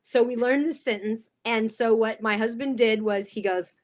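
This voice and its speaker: A middle-aged woman, a podcast guest, telling funny stories in a casual, animated way and laughing often. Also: a little high, normal speed, slight background noise. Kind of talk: casual storytelling.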